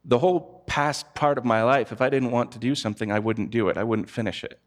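A man's voice: mid-range voice, brisk. A man giving a conversational sermon, telling personal stories candidly. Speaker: preacher.

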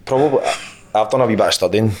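A man's voice: on the low side, fast, darkish tone, a little hiss or hum. A Scottish man, a footballer chatting as a guest, thoughtful and hesitant with his words. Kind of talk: casual chat.

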